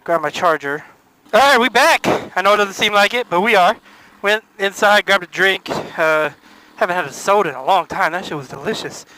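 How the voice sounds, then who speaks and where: A man's voice: high-pitched, a little fast, bright, forceful tone, a little hiss or hum, low-quality recording. A young man casually vlogging about a motorcycle ride, laid-back and swearing freely. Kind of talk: casual vlog chat.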